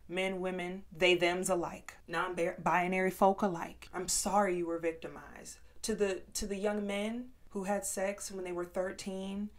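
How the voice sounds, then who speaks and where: A woman vlogger telling a personal story and giving commentary in a blunt, profane, emphatic way, swinging from hushed to loud. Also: lowish voice, level tone, measured pace, hardly any pauses. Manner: switches between hushed and loud emphatic delivery.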